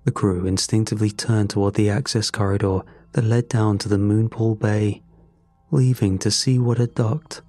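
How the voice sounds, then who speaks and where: A man narrating a first-person horror story in a measured, grim way. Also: fairly low pitch, fairly even intonation, mellow, no room sound, soft background music.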